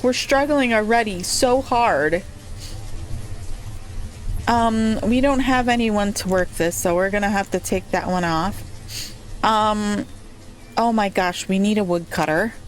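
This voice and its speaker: A woman in a relaxed let's-play, talking through her city-building game at an unhurried, drawn-out pace. Her voice sits a little high, and she muses aloud with lots of ums and pauses. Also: slight background noise. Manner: slow, thinking aloud, many ums. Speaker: gameplay streamer. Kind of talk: casual let's-play commentary.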